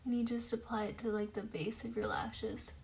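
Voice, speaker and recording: A woman talking through a casual makeup tutorial in a loose, chatty way, full of fillers, sometimes dropping to a soft whisper as she works. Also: mid-range voice, sing-song, normal speed, slight background noise. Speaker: beauty vlogger.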